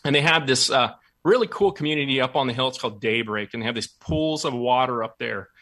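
Male motivational talk host, bright tone, emphatic storyteller. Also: mid-range voice, fast. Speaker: podcast host.

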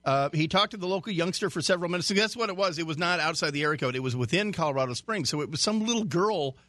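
A man's voice: fairly high pitch, animated, racing, bright, forceful tone, faint music behind. A man guest-hosting a radio talk show, reading a news story in a chatty way with stumbles and jokey asides. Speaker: radio fill-in host.

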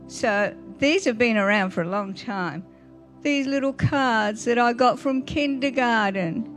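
Older woman preaching chattily. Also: a little high. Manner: warm, chatty, asks the audience questions. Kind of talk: sermon.

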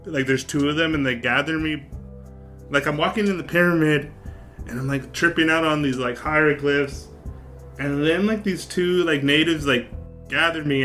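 Bright-voiced man, laughing, rambling chat. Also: mid-range voice. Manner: rambling and animated, laughs often, swears. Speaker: podcast co-host. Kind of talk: casual chat.

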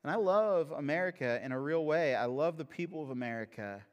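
Guy pastor giving a sermon, jokey and casual then earnest, voice a bit high, big hall reverb behind him. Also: lively intonation, a little fast. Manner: humorous, conversational, then earnest. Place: church sanctuary. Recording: long reverb of a large hall.

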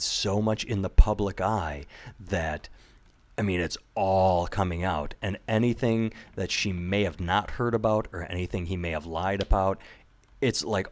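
A man in casual podcast chat, rambling and animated, swearing freely. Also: deep voice.

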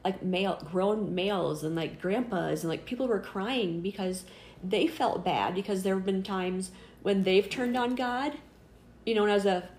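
A woman's voice: mid-range voice, normal speed, darkish tone, reverberant, slight background noise. Chatty, earnest middle-aged woman. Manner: chatty, earnest, full of fillers; acts out quoted voices. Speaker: interviewee. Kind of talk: personal faith story in casual conversation.

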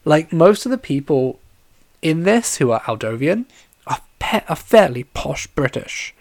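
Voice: medium pitch, big pitch swings, unhurried, a little mellow, no room sound. A podcast host chatting casually alone about a film, rambling with constant fillers and restarts, and tired and yawning.

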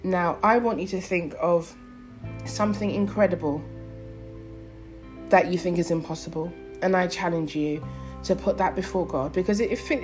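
A young adult woman preaching, praying earnestly with pauses and reading scripture aloud. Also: lowish voice, a little mellow, soft background music. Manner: earnest, fervent prayer with pauses and fillers.

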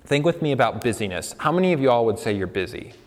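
A man's voice: mid-range voice, very animated, fast. Young man preaching casually to a congregation, talks with them, in a reverberant hall. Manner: conversational, asks the congregation questions, laughs along. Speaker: pastor. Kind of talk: sermon.

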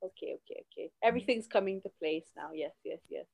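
A woman in casual chat, animated and teasing, laughing often as she recalls old movies. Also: mid-range voice, fast.

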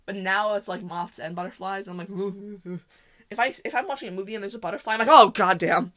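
A woman's voice: mid-range voice, fast, a bit bright. Young adult woman, solo podcast host, casual chatty storyteller who rambles and laughs a lot.

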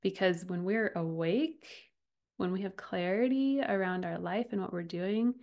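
A woman in her thirties delivers a heartfelt podcast monologue, earnest and personal. Her voice sits a little low and carries a gravelly, fry-laden edge. She laughs softly now and then as she talks. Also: normal speed. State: getting emotional. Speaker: podcast host and relationship coach.

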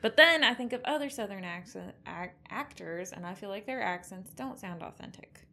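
A woman's voice: mid-range voice, lively intonation, moderate pace, gravelly, bright, forceful tone. A woman co-hosting a casual film recap, chatty and sardonic, swearing freely. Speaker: podcast co-host.

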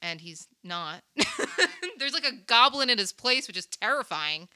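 A woman's voice: a little high, a little slow, clear, resonant tone. A young woman hosting a podcast, chatting casually and animatedly as she retells a movie scene. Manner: chatty, animated retelling with quoted voices and laughs. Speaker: podcast host. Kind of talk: casual movie recap chat.

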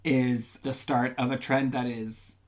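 A man's voice: medium pitch, level tone, takes it slowly. A man co-hosting a podcast in casual chat, wry and sarcastic, filling his talk with "like". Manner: wry, sarcastic, chatty with many "like"s. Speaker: podcast co-host.

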